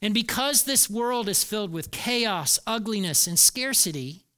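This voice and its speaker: Male pastor, middle-aged, bright and crisp, chatty sermon delivery with repeated lines. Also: sits high, lively intonation, unhurried. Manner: conversational preaching, repeats key phrases for emphasis.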